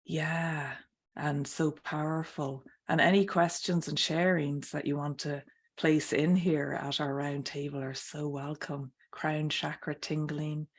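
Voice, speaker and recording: A woman hosting an online summit, softly affirming and reading out viewers' comments. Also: low voice. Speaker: summit host.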